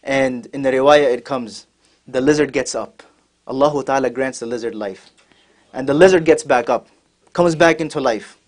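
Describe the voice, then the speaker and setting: A man giving a sermon at a workshop, retelling a story with lively acted dialogue and Arabic quotations. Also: mid-range voice, normal speed. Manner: acts out characters' lines, mixing in Arabic quotes. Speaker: scholar giving a talk.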